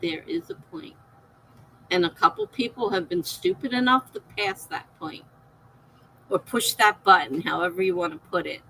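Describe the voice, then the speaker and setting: Chatty woman with a gravelly, bright voice. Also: mid-range voice, very animated, moderate pace, a little hiss or hum, rough recording. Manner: chatty, laughs often, reads out chat comments. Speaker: live stream host. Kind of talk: casual chat with viewers.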